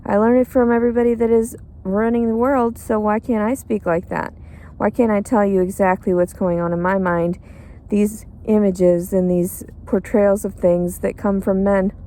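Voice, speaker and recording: A woman's voice: mid-range voice, fairly even intonation, a little slow, dark tone. A tired, cranky woman rambling in a bitter, crude, profane monologue outdoors. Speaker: pregnant homeless woman.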